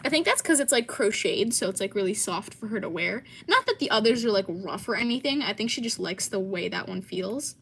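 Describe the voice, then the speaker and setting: A woman's voice: mid-range voice, lively intonation, fairly quick, creaky, few pauses, fairly bright tone, husky. A young American woman hosting a casual livestream and answering chat, with lots of ums and likes. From United States. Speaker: livestream host.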